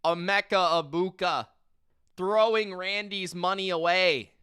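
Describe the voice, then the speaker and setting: A man runs a live sports reaction stream, calling the play-by-play and swearing as he swings from muttering to yelling, repeating himself in disbelief. His voice is high, clear, and resonant, and he doesn't rush.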